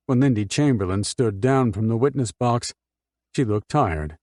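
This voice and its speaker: Steady and measured, this male audiobook narrator reads scripted text in a medium-pitched voice. The recording is dry and of studio quality.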